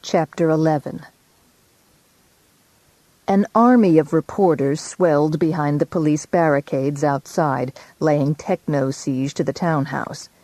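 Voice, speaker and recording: Low-voiced woman narrating an audiobook. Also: no room sound. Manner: steady, measured storytelling. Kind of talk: scripted first-person audiobook narration.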